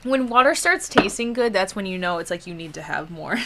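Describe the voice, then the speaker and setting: A woman's voice: mid-range voice, animated, fairly quick, sharp tone, slight background noise. A young woman streamer chatting casually while editing photos, giggly and tired, full of "like" with a Valley Girl lilt.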